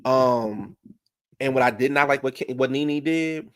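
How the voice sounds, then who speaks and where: A man, casually reviewing a reality show, loud and animated, with profane storytelling and sudden falsetto outbursts. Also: unhurried, no room sound, studio quality. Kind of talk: casual reaction commentary.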